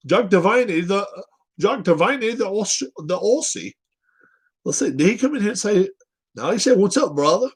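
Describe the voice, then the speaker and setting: A male host riffing through viewer comments on a casual live show. His voice sits a touch higher than most men's and swoops up and down with animated energy. He teases and laughs as he goes. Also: measured pace, pauses often, husky.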